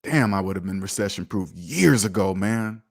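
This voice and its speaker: A deep-voiced man hosts a personal finance livestream, speaking expressively at a moderate pace. He lectures his audience casually and emphatically, preachy in tone, and reads out viewer comments.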